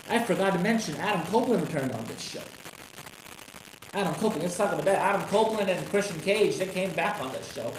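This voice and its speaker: A man with a fairly high voice rants freely on a live stream, cursing in nearly every line and wandering from point to point. He keeps jumping into loud, excited shouts. The room sounds echoey, and steady noise runs underneath. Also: fast talker. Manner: profane, rambling, excitable outbursts. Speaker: wrestling commentary streamer. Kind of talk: casual live stream rant. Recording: echoey room with noisy background.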